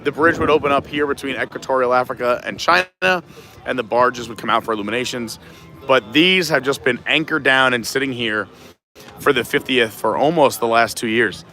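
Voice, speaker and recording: A man's voice: medium pitch, fairly quick, bright, forceful tone, soft background music. A man hosting a live-stream vlog outdoors at a theme park, chatting and joking with friends and giving tour-guide tips as he walks. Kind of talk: casual chat while walking.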